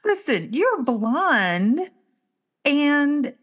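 Woman, expressive pitch, casual chat, lots of quick reactions. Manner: responsive, lots of warm backchannel.

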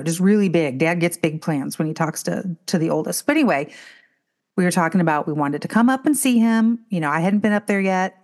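Chatty middle-aged woman telling a story. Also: fairly low pitch. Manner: animated storytelling, acting out quotes with many restarts. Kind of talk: casual chat.

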